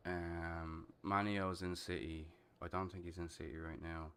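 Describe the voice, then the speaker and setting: A man in his thirties with an Irish accent, chatting casually and crudely while streaming a game, swearing often and breaking into loud laughs. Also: sits low, little pitch movement, measured pace, a little hiss or hum. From Ireland. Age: 30s. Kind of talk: casual chat while gaming.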